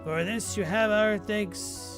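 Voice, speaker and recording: A streamer voicing the solemn leader of a herd of talking goats in a game, speaking slowly and formally. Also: medium pitch, music in the background. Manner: measured, grave and formal. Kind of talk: reading game dialogue aloud in character.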